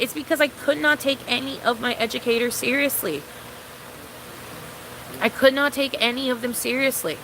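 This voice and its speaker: A woman's voice: sits high, normal speed, pauses often, background noise. A young woman vlogger ranting in a casual storytime, exasperated and incredulous, swearing freely and laughing often.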